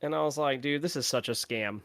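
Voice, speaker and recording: A man's voice: mid-range voice, a little fast, a bit bright, no room sound, studio quality. A young man co-hosting a podcast, telling a story in casual chat and laughing as he acts out the people in it. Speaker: podcast co-host.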